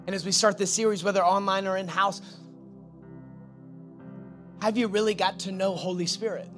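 A young adult man preaching a sermon as pastor, animated, moving between loud urging and hushed intensity. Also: high voice, normal speed, pauses often, faint music behind.

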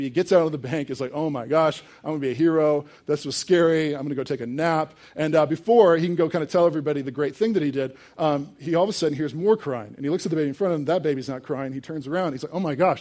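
A young male pastor delivering a sermon in an easygoing, chatty tone, slightly higher-pitched than most men. He leans on fillers and casual asides, and picks up energy as his stories build. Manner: casual storytelling with fillers, animated when telling a story.

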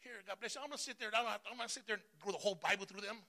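A man pastor preaching a sermon, calling out to the congregation for responses and swinging between loud bursts and soft asides. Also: high voice, very fast. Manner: emphatic call-and-response preaching.

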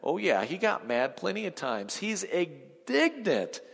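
Man, pastor, sermon, higher-pitched voice, emphatic then hushed, asks the congregation questions, long hall reverb. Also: very animated, moderate pace, creaky. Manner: dynamic preaching, swings from emphatic to hushed, quizzes the congregation.

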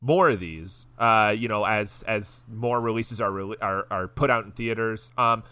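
A man's voice: on the low side, normal speed, bright, forceful tone, clear, resonant tone, dry recording. A man co-hosting a podcast, chatting casually and hedging with fillers. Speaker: podcast co-host. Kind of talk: casual chat.

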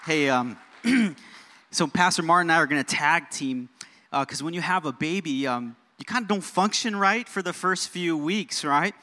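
Bright high-voiced young male preacher. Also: normal speed, some chatter behind. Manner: energetic call-and-response preaching with jokes. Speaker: pastor. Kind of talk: sermon. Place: church sanctuary with a congregation. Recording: long church hall reverb.

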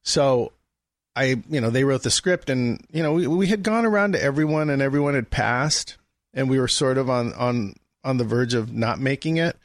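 A man's voice: mid-range voice, normal speed, dry recording, studio quality. A man as a guest, telling a story in a casual conversation and acting out the people he quotes. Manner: animated anecdote-telling, acts out quoted dialogue.

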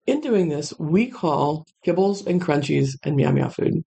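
Chatty gravelly-voiced woman kennel owner. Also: sits low, a little slow. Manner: chatty, rambling, lively asides. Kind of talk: casual storytelling monologue.

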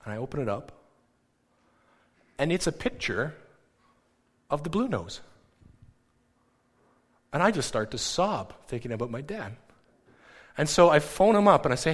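A middle-aged male pastor telling a story in a sermon, animated and acting out the people he quotes. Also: on the high side, normal speed, pauses often. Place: church. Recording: long hall reverb.

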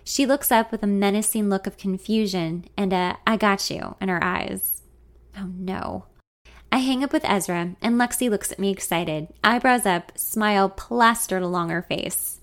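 A woman narrating a first-person story in an expressive, confiding way. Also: medium pitch, moderate pace.

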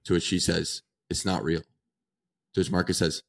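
Low-voiced young man telling a story. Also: moderate pace, vocal fry. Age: 20s. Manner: animated storyteller acting out dialogue. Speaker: podcast co-host. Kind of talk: casual chat, storytelling.

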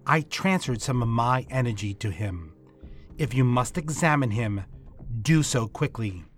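A man voicing a cold, scornful supernatural woman who talks slowly and down to humans. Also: medium pitch, lively intonation, faint music behind, lightly acted. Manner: slow, scornful.

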